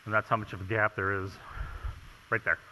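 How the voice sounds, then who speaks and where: A man's voice: lowish voice, flat delivery, brisk, bright, forceful tone, a little hiss or hum. A man giving a conference presentation on tile installation, talking emphatically with rhetorical questions and frequent checks of "okay?". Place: large conference hall. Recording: long hall reverb.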